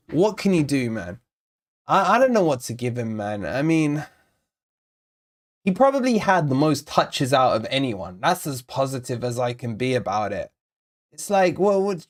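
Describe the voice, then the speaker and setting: A young man hosting a fan channel, giving sarcastic, exasperated player ratings and reading out viewer comments while recovering from covid. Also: mid-range voice.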